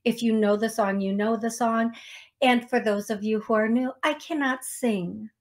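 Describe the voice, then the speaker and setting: With a fairly high pitch and fairly even intonation, a woman hosts a psychic medium live stream where she reads names aloud. She talks with viewers slowly and casually, naming songs too, and laughs lightly at her own expense.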